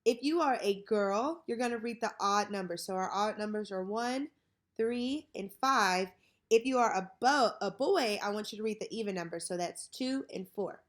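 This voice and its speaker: A woman teacher leading a children's reading lesson, modeling each word slowly and clearly. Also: medium pitch.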